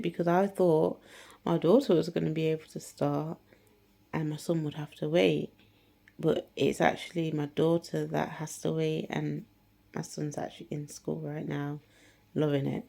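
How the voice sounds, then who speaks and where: A woman's voice: sits low, little pitch movement, unhurried, gravelly, dark tone. A woman telling a personal story in a casual, rambling way, full of fillers and restarts. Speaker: faith channel host.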